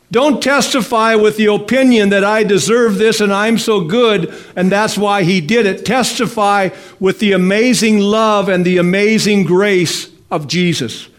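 High-voiced preaching pastor, slow and emphatic. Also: male voice. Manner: slow emphatic preaching with drawn-out phrases and calls to the congregation. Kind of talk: sermon.

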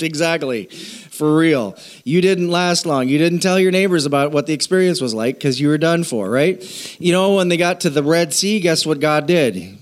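A middle-aged man, a pastor, giving a casual Bible lesson in church, chatty and joking, often asking the audience questions. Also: medium pitch. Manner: conversational, asks the audience questions, jokes.

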